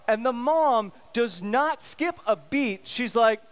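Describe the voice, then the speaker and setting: High-voiced man telling stand-up stories. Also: slow pace. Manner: animated, acts out quoted voices. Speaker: stand-up comedian. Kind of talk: stand-up comedy storytelling.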